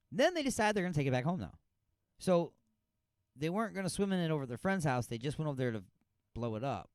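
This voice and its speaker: A man's voice: fairly high pitch, dry recording. Sarcastic ranting male radio host. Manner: sarcastic, exasperated, scolding. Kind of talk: ranting commentary on a news story.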